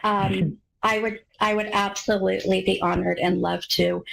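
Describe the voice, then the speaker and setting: A woman's voice: mid-range voice, little pitch movement, normal speed, gravelly, poor audio. An American woman hosting a live call-in psychic radio show, talking in an effusive, gushing way with many fillers. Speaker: radio psychic medium host.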